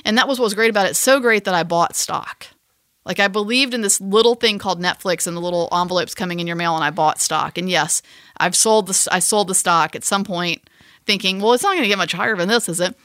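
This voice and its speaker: A woman co-hosting a podcast, talking in loose, rambling casual chat. Her voice is bright and forceful, close and dry with no room around it. She swears freely and pokes fun at herself. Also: on the low side, a little fast, dry recording. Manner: rambling, animated, profane and self-mocking. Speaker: podcast co-host.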